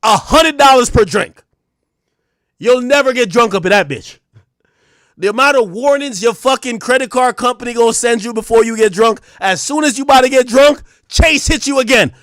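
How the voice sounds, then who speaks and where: A young man with a high voice rants to his live chat at a moderate pace, casual and profane, joking animatedly and breaking into loud outbursts. The recording is close and dry, with no room in it.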